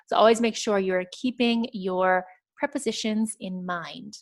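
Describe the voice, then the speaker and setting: A woman teaching English exam writing, explaining vocabulary clearly and patiently, step by step over slides. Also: mid-range voice, steady tone, measured pace.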